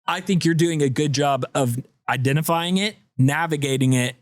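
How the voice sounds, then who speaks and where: A man co-hosting a casual podcast, telling stories with animated energy and acting out other people's voices. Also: mid-range voice, no echo. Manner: animated storyteller, acts out voices. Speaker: podcast co-host. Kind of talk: casual chat.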